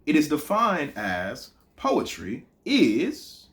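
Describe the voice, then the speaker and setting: Lively Southern man teaching a lesson. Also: on the high side. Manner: lively, playful, chanting lines slowly for emphasis. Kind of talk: energetic classroom lesson with rap bars.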